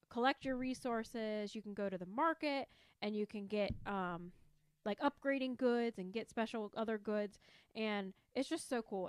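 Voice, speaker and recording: A woman's voice: mid-range voice, clean tone, no echo. A woman co-hosting a podcast, chatting enthusiastically about a board game and rambling a little. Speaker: podcast co-host. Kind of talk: casual board game chat.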